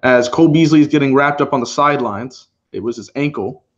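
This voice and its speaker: The audio is dull, but you can hear a mid-range male voice talking fairly quickly. He's co-hosting a football reaction stream, keeping things loose, laughing often, and narrating plays in real time.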